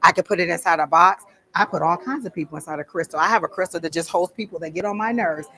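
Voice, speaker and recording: A woman's voice: on the low side, quick pace, a bit bright. Woman, psychic workshop teacher, casual blunt chat, acts out quotes, event room.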